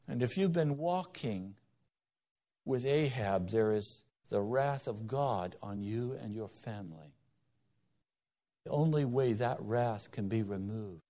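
A man's voice: lowish voice, mellow. A middle-aged man preaching a sermon, moving from stern warnings to storytelling. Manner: earnest, shifting between stern warning and storytelling. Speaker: pastor.

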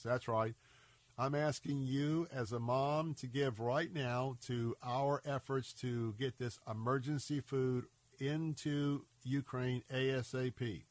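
A man's voice: medium pitch, steady tone, takes it slowly, no echo. Male radio host pleading for donations, earnest and urgent, a bit congested and scratchy, dry studio mic. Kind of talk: radio fundraising appeal.

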